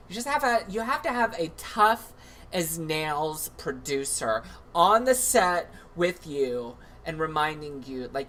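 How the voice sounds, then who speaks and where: A man's voice: on the high side, very animated, a little slow, fairly bright tone, a little hiss or hum. A man hosting a livestream, chatting in a campy, comedic way with lots of asides. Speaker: livestream host. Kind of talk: casual comedic commentary.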